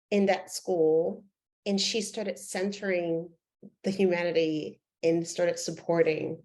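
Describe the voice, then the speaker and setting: Female coach, mid-pitch, storytelling workshop talk over a video call, acts out quotes. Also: darkish tone. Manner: storytelling, acting out quoted dialogue.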